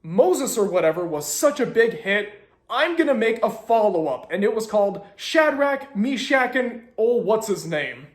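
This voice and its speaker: Animated young man, high voice, echoey room. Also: a little slow. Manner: animated, sarcastic asides. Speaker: storytelling video host. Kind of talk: casual storytelling narration.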